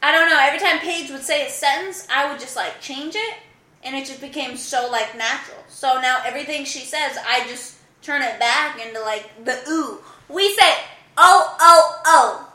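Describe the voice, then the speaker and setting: A young woman with a high, bright voice trades playful slang in a slow, giggly way. She sits in a roomy, echoing space, a guest in a loose chat among friends. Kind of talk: casual chat.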